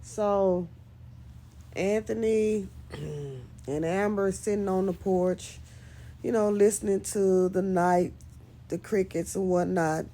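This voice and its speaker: A woman's voice: medium pitch, fairly even intonation, slow, long pauses, mellow. A woman giving casual commentary on a skit series, emphatic and scolding as she talks straight to one of the characters.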